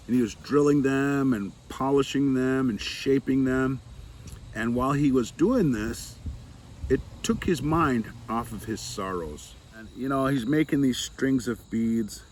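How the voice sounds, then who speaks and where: A man telling a traditional story slowly, with long pauses, voicing the dialogue of its characters himself. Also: medium pitch, a little mellow, a little hiss or hum, low-quality recording. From Seneca territory. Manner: slow, pausing, retells dialogue in quotes. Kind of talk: oral storytelling.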